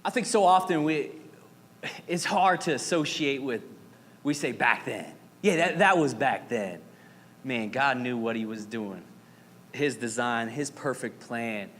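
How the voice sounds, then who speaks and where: A man in his thirties from Arizona, preaching a sermon as pastor with animated, dramatic storytelling and playful asides. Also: mid-range voice, measured pace. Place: church sanctuary. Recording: reverberant hall with faint noise.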